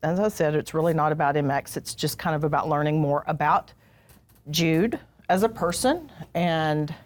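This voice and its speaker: A woman's voice: low voice, normal speed. A middle-aged woman hosting a casual onstage interview, chatty and self-deprecating, joking with her guest. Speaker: host, HR director. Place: live event room with audience.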